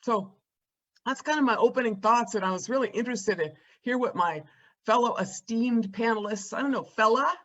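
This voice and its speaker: A woman's voice: a little high, normal speed, fairly bright tone, lo-fi sound. A woman panelist from the United States giving her opening thoughts from her rural home in a casual, wry way, full of "you know" and joking asides. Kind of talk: conversational panel talk.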